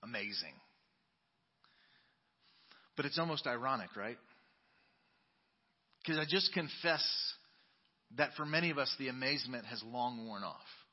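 A male pastor preaching a sermon, reading scripture dramatically and swinging between booming emphasis and soft asides. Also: animated, measured pace, pauses often, slightly rough, in a large hall, lo-fi sound. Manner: dramatic Bible reading with sudden loud and quiet turns. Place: church sanctuary.

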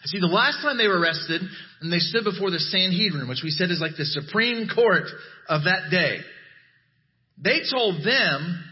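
A man preaching a sermon as pastor, animated and emphatic. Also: moderate pace, highs cut off. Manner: animated, rising to emphatic highs.

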